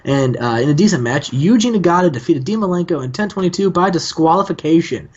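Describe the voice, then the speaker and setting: A man's voice: a little high, expressive, fast talker, darkish tone, husky. A man hosting a casual gaming commentary, joking and acting out characters as he plays. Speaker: host. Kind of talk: casual let's-play commentary. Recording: dull lo-fi mic.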